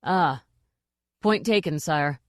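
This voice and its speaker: A woman's voice: low-pitched, lively intonation, takes it slowly, no echo, clean studio sound. A woman voicing a blustering, over-zealous male castle sergeant in an audiobook. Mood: eager. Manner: loud, dim-witted, over-zealous.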